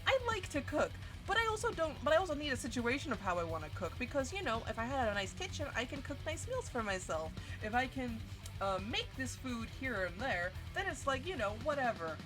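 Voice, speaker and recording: A woman in her twenties streaming, telling a story in a casual, animated and profane way. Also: high-pitched, fairly quick. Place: home streaming setup. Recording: stream audio with music underneath. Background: background music.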